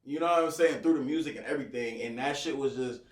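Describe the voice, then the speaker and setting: A man's voice: mid-range voice, fast talker. A young man from California, a rapper talking casually in an interview, telling laid-back slangy stories full of swearing. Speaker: rapper guest. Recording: roomy, off-mic distant sound.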